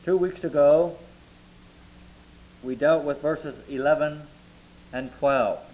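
A man pastor preaching a sermon, reading scripture aloud and slowing down to stress its key words. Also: a little high, darkish tone, rough recording.

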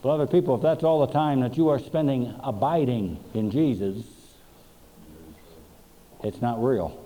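A man preaching a sermon, reading scripture and stressing words with slow, emphatic pauses. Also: mid-range voice, mellow, rough recording. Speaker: pastor.

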